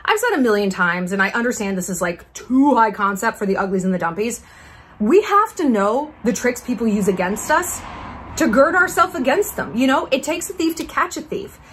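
A woman's voice: fairly high pitch, big pitch swings, moderate pace, a bit bright, breathy edge. A woman in her thirties hosting a casual talk video, brash and profane, dripping with sarcasm and mock-sweet patronizing asides. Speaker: YouTube commentary host. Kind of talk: casual monologue to camera.

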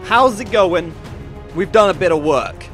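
A man's voice: high voice, lively intonation, unhurried, fairly bright tone, soft background music. Playful sing-song young gaming man. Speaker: gaming YouTuber. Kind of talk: Minecraft let's play commentary.

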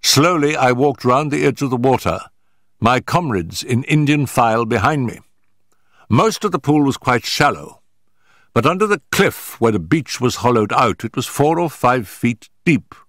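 A man narrating an audiobook in a deliberate, dramatic manner. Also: medium pitch, animated, a bit bright, no room sound, studio quality. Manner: deliberate and dramatic, in period prose. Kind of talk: scripted narration.

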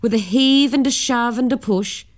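A woman narrating a children's story in an expressive reading voice. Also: on the high side, normal speed.

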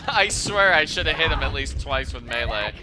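A man streaming a shooter game in casual chat, excitable, swearing and yelling at the action. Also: mid-range voice, normal speed. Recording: game gunfire and vehicle noise behind voice. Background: game gunfire and explosions.

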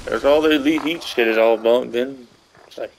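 Vlogger, male, fried gravelly voice, crude and dismissive. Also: medium pitch, a little fast, slight background noise, poor audio. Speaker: gaming and wrestling vlogger. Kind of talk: profane rant to camera.

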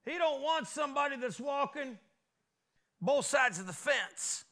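A man preaching a sermon as pastor, folksy and lively, with call-and-response asides to the congregation and a Midwestern American accent. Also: very high voice, unhurried, vocal fry.

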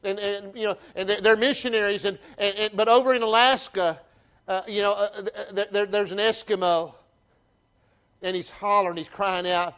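A man with a Southern US accent preaching a sermon to his church, folksy and animated, often restarting his phrases. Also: high voice, moderate pace, clean tone. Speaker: pastor. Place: church sanctuary.

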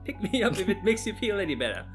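A man's voice: medium pitch, animated, a little slow, soft background music, lightly acted. A man doing a bossy, feisty woman schoolteacher.

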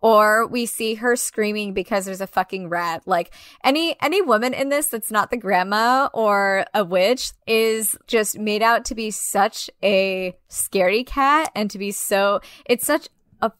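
A woman's voice: mid-range voice, measured pace, a bit bright, smooth, no echo, studio quality. A young woman co-hosting a podcast, chatting candidly and casually, swearing freely and peppering her speech with fillers. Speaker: podcast co-host. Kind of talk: casual chat.

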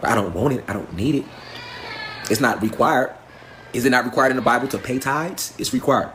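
A man's voice: mid-range voice, brisk, a bit bright, slight background noise. A man giving a profane, preachy live stream lecture, firing off rhetorical questions. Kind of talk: impassioned live stream rant.

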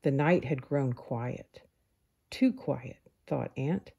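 A woman reading a children's picture book aloud in a calm, unhurried storyteller manner. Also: rumbling low, gravelly, breathy edge.

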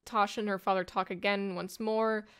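A woman's voice: mid-range voice, level tone, moderate pace, smooth. A woman giving a casual, rambling plot summary of a comic, full of "like" and "you know". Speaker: comic book reviewer.

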